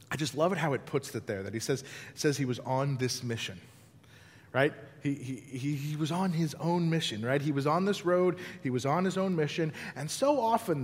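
A man preaching a sermon as pastor, telling the story with animated, acted-out scenes. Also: mid-range voice, in a large hall. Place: church building.

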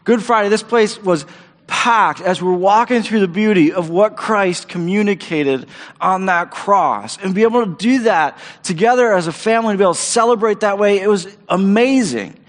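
A man's voice: sits high, long reverb tail. A man preaching as pastor to his church, enthusiastic and repeating himself as he restarts his phrases. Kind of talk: sermon. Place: church auditorium stage.

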